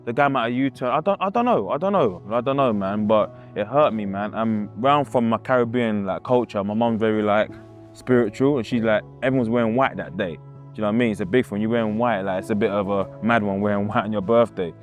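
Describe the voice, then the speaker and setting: A man's voice: fairly low pitch, fast. Man, casual and emotional storytelling, puts on quoted voices, repeats himself, faint music under him.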